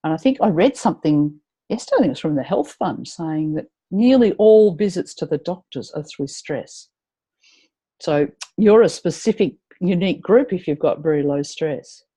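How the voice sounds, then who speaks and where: Warm, husky woman coaching a webinar. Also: low-pitched, lively intonation, normal speed. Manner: chatty, encouraging, reads out attendee comments. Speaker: tapping coach leading a webinar. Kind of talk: guided live webinar instruction.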